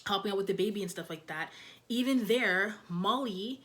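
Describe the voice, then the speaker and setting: A woman's voice: medium pitch, normal speed, a bit bright. A young woman casually reviewing TV episodes, talking loosely with lots of "like" and "you know". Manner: chatty, loose, heavy on fillers like "like" and "you know". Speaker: TV show reviewer.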